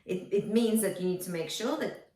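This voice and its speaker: A woman's voice: mid-range voice, fairly quick, dark tone. A woman vocal coach giving encouraging feedback on singing, now and then singing short phrases to demonstrate. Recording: roomy, from a distance.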